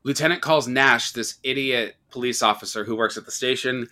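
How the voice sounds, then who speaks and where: Podcast host, male, bright lively voice, animated storyteller who acts out quotes. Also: medium pitch, normal speed. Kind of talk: casual horror movie discussion.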